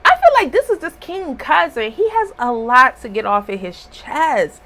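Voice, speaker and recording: A slightly hoarse woman giving a casual spiritual reading, emphatic and preachy, with rhetorical asides. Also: high voice, very animated, normal speed, pushed and bright, low-quality recording. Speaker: spiritual reader.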